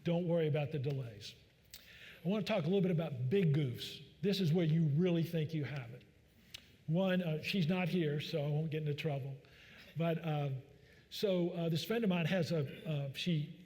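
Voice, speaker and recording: Man, doctor giving a talk, somewhat high voice, folksy and joking, long hall reverb. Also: darkish tone. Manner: folksy, joking, many fillers. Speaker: physician speaker. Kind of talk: public talk with anecdotes. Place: large church hall.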